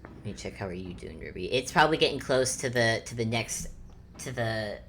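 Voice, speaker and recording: A woman's voice: very deep voice, expressive, a little fast, a bit bright, a little hiss or hum. A woman narrating as game master in a laid-back, hesitant way, recording from home.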